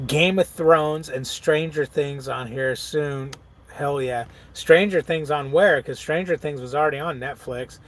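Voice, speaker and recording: A middle-aged trucker with a fairly high voice talks his way through a live stream. He reads viewer comments out loud, laughs easily and wanders off into rambling stories. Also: normal speed. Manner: chatty, laughs often, reads comments aloud and riffs on them. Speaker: truck driver streaming and reading chat. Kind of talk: casual live stream chat.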